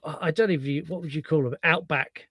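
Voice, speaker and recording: A man's voice: on the high side, a little fast, a bit bright, breathy edge, no room sound. A middle-aged British man, co-hosting a podcast, chatting casually and retelling film scenes with animation. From Britain. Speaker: podcast co-host. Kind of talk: casual chat.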